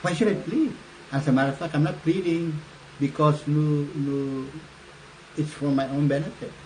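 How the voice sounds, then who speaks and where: An older man from the Northern Mariana Islands hosting a political livestream, talking in a rambling, halting way with lots of fillers. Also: fairly high pitch, little pitch movement, a little mellow, slight background noise, low-quality recording. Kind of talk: casual livestream talk. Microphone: phone or webcam livestream.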